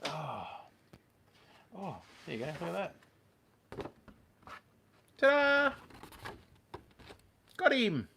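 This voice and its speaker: A man's voice: high-pitched, wildly swooping pitch, very slow, vocal fry, long pauses, bright, forceful tone, a little hiss or hum. A man co-hosting a farm channel live stream from home, chatting casually in a jokey, self-mocking way. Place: home living room.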